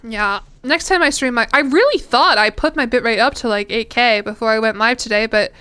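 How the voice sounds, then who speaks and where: Young woman, streamer chat, rambling and self-mocking, clear smooth voice. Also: fairly high pitch, fairly quick, pushed and bright, dry recording. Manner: rambling, chatty, self-deprecating. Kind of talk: casual chat while gaming.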